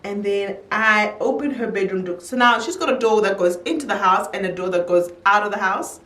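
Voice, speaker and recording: A young woman telling a casual storytime, animated, her voice jumping high whenever she quotes someone. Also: fairly quick, far from the mic. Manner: animated storyteller, jumps high when quoting. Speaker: YouTuber. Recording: roomy echo, a little off-mic.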